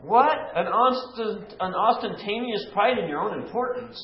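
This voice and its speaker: A man's voice: sits high, moderate pace, hardly any pauses, slight background noise. A man leading a Bible study group, teaching emphatically and putting questions to the people around him. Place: room with a small group. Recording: echoey room, lo-fi.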